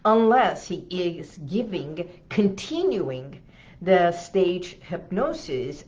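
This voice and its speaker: A woman hypnotherapist talking in an animated, hands-on way from her office. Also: lowish voice, slow pace, highs cut off. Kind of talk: casual talk to camera.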